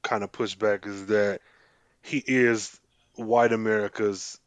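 A man's voice: lowish voice, steady tone, slow, clean tone, dry recording. A man co-hosting a casual podcast who keeps cutting in with playful teasing remarks.

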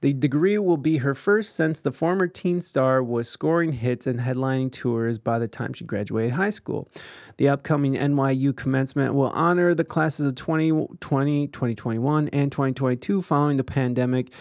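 A man's voice: mid-range voice, moderate pace, a little mellow, no echo, clean studio sound. A tired man doing casual reaction commentary. He reads news articles aloud and rambles, with frequent fillers and restarts. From United States. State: tired and yawning.

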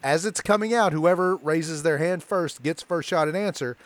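Upbeat guy hosting a podcast, kinda high voice, dead dry sound. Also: normal speed, dry recording. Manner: upbeat, playful quizmaster. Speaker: podcast host. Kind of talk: casual podcast conversation.

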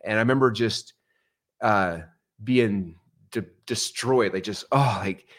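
A middle-aged man, a podcast guest, telling stories in a casual, animated way. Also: fairly low pitch, slow. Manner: animated, swings into excited outbursts. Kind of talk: casual storytelling.

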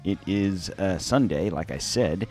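A man's voice: deep voice, expressive, unhurried, darkish tone, soft background music. A man hosting a podcast in a casual, rambling monologue, laughing and correcting himself as he goes. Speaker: podcast host.

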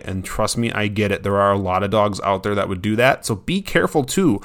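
A man's voice: lowish voice, animated, quick pace, few pauses, fairly bright tone, clear, resonant tone. A man who trains dogs, giving casual advice in a chatty, self-deprecating way and sometimes acting out what his dog would say.

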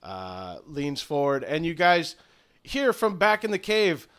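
A young man narrating as game master and hosting a podcast, relaxed and chatty with filler words. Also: fairly high pitch, slow pace, smooth.

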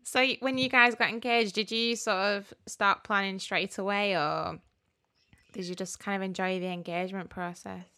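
A woman hosting an interview who reacts warmly and asks friendly questions. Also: mid-range voice, steady tone, moderate pace, clear, resonant tone. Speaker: host.

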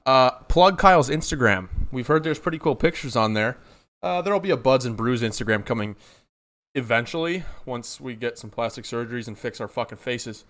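A man's voice: mid-range voice, fairly quick. A young man hosting a casual live-streamed chat, joking and swearing freely. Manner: profane, joking, excitable. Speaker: podcast host.

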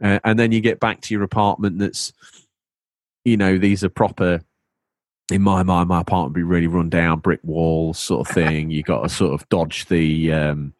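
A man's voice: sits low, flat delivery, normal speed, a little mellow, no room sound, studio quality. A man co-hosting a podcast, rambling playfully through casual chat. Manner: playful rambling storyteller who slips into silly voices. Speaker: podcast co-host.

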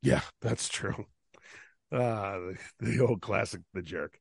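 A man's voice: lowish voice, slow pace, vocal fry, breathy edge, no room sound, studio quality. A man co-hosting a casual podcast chat while sick and losing his voice. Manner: laid-back, conversational. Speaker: podcast co-host.

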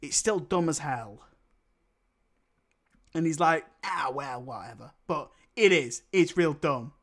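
Chatty man, slightly high voice. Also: animated, slow pace, a bit bright. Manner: rambling, laughs often, mimics lines. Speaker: podcast co-host. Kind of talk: casual film review chat.

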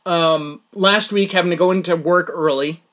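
A man hosting his own podcast, telling a story in a casual chat, excitable and swinging from loud laughing outbursts to low mutters. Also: normal speed. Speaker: podcast host. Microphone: podcast mic.

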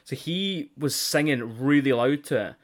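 A man's voice: medium pitch, expressive, a little slow. A man in his twenties, co-hosting a wrestling podcast in a casual chat, laughing often and swearing casually. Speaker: podcast co-host.

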